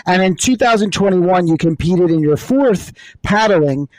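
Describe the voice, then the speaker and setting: High-voiced rambling male podcast host. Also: lively intonation, unhurried, darkish tone, no echo, rough recording. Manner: rambling, restarts, laughs often. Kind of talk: casual podcast chat.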